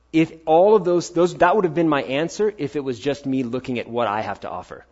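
A male pastor preaching a sermon, firing rhetorical questions and swinging between loud pushes and hushed asides. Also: fairly high pitch, a little fast, hardly any pauses, dull audio.

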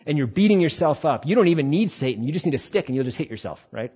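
Husky-voiced male pastor preaching. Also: very animated, fast, darkish tone, dull audio. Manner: conversational preaching, acts out quotes with sudden high bursts. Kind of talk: sermon.

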